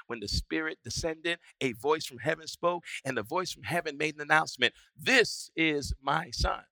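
A male pastor preaching a sermon, moving from quiet teaching to shouted, rising preaching and back down to near-whispers. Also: a little high, vocal fry, no echo.

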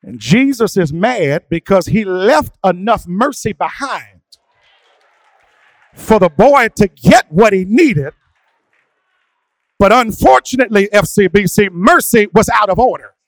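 A male preacher who swings from hushed, quiet asides to sung, shouted preaching. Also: sits high, animated, a little slow, pauses often, no room sound. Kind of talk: sermon.

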